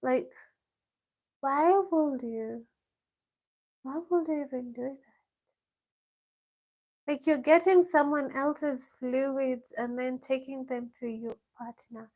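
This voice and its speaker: Woman vlogger, unhurried casual live-stream Q&A, reads each question aloud and answers it. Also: high-pitched, darkish tone. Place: village home.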